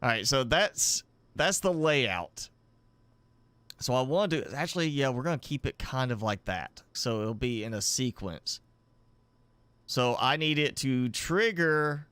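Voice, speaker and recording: A man streaming a game live, thinking aloud as he builds, with halting, self-correcting talk. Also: mid-range voice, lively intonation, fairly bright tone, clear, resonant tone, dry recording. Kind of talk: live gameplay commentary.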